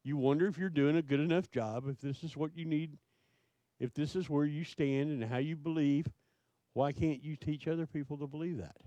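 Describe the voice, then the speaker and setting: A man preaching a sermon, asking his listeners question after question in a slow, emphatic way. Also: fairly high pitch, fairly even intonation, dark tone, no room sound, highs cut off. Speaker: pastor.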